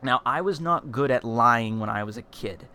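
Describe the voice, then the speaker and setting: A male vlogger telling a childhood story in a casual, animated way, rambling with frequent fillers and restarts. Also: mid-range voice, normal speed, smooth.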